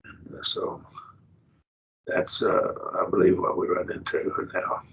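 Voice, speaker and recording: An older man teaching a college-level Bible class, speaking in an unhurried, halting way with frequent restarts and fillers. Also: deep voice, little pitch movement, creaky. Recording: dull lo-fi classroom recording.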